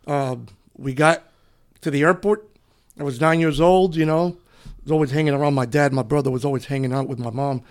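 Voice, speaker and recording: A middle-aged man from Cuba, a retired police officer, telling his story in an interview in a relaxed, rambling way. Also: fairly high pitch, brisk, smooth. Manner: relaxed, rambling, often says "you know". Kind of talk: conversational storytelling.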